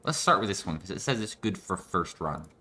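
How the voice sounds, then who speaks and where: A man's voice: deep voice, expressive, fairly quick, bright, forceful tone, husky. A man giving loose, rambling commentary while playing a video game, swearing now and then. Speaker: let's player. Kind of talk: casual gameplay commentary.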